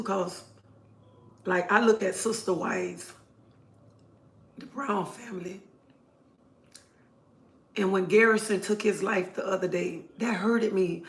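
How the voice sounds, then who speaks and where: A middle-aged woman hosting a livestream, talking earnestly and preachily and repeating her points for emphasis. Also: medium pitch. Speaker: livestream host. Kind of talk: casual livestream monologue. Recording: roomy echo.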